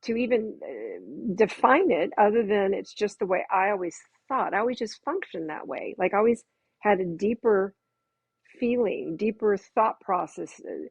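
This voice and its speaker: A woman guest telling personal stories in casual conversation, animated and laughing often as she acts out her own reactions. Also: medium pitch, normal speed, breathy edge, no room sound, dull audio.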